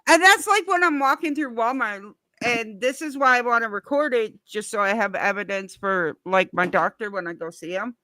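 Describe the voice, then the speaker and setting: A woman's voice: a little high, moderate pace, sharp tone, dry recording. A woman guest on a live stream, telling a rambling story casually and swearing now and then.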